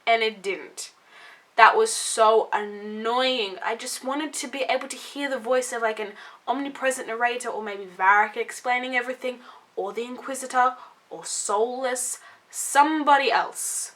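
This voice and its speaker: A woman's voice: on the high side, moderate pace, a bit bright. A young woman reviewing a video game in a vlog, gushing and blunt, swearing casually.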